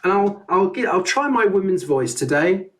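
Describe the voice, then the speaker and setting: A man's voice: sits high, sing-song, normal speed, soft background music. A man teaching a harmony song in a live online singing lesson, explaining it step by step in a friendly way.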